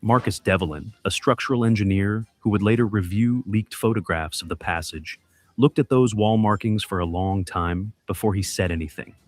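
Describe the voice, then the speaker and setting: A man with a lowish voice reads scripted mystery narration in a dramatic, measured, suspenseful way, using short, clipped phrases.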